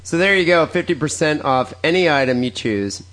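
Lively, giggly male podcast host. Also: fairly high pitch, moderate pace. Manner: upbeat, giggly, sells ads with a grin. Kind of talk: crude comedy podcast banter.

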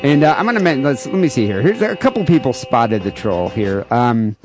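A man's voice: medium pitch, fairly quick, music in the background. Irreverent male podcast co-host. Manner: animated, irreverent, often restarts. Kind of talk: casual chat. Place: home studio in LA.

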